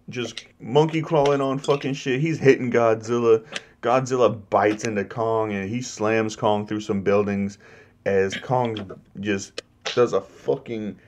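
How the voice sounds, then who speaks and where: A man's voice: on the low side, slight background noise. A man casually retelling a movie's plot in a spoiler review, swearing freely and acting out scenes. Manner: profane, animated plot retelling.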